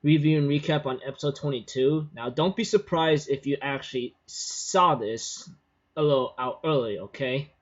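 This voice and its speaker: A man's voice: medium pitch, moderate pace. A man giving a casual, rambling anime episode recap, laughing often and filling his talk with "you know". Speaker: anime reviewer. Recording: muffled lo-fi recording.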